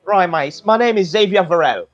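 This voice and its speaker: A man voicing a swaggering male sailor with an Australian accent, loud and jovial. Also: high-pitched, lively intonation, moderate pace, muffled recording, soft background music.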